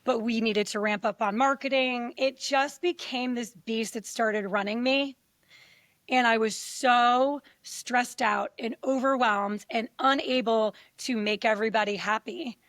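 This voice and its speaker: A woman's voice: on the high side, a little slow, no room sound, clean studio sound. A middle-aged woman, a podcast guest, telling her story candidly and acting out quoted voices as she goes. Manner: animated, acts out quoted voices.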